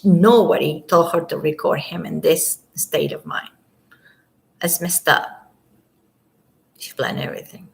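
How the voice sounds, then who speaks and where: A woman's voice: deep voice, fairly even intonation, unhurried, creaky, long pauses, poor audio. Rambling woman on a late-night live stream. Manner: rambling, talks to viewers, trails off softly. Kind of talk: casual live-stream commentary. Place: at home, alone at night. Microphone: camera mic.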